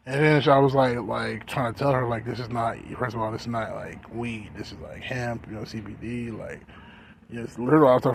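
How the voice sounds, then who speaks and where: A man ranting casually in a vlog, rambling and profane, dropping to mumbles and rising to loud outbursts. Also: fairly quick, vocal fry, a little hiss or hum. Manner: profane, rambling, keeps saying "you know what I'm saying"; swings between mumbling low and loud outbursts. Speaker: vlogger. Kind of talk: casual rant.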